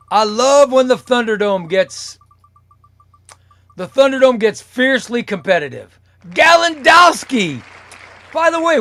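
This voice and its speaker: A man hosting a live comics stream, playfully calling out giveaway names one by one. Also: high-pitched. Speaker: comic channel host.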